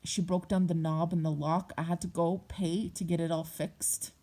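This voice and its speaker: A woman's voice: on the low side, level tone, moderate pace, mellow. A young adult woman vlogger speaking bluntly and heatedly in a personal monologue, swearing often.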